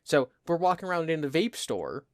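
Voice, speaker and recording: A man's voice: fairly high pitch, sing-song, fairly quick, no echo, clean studio sound. A young man from New Jersey with a New Jersey accent, co-hosting a podcast in rambling casual chat and laughing often. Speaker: podcast co-host.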